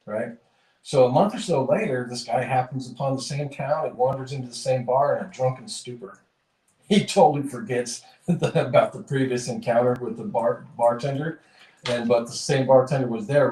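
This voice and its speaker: Brief: podcast host, rambling and self-correcting, echoey room, mic far off. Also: male voice, medium pitch, darkish tone. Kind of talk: casual chat and joke telling. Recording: roomy, distant mic.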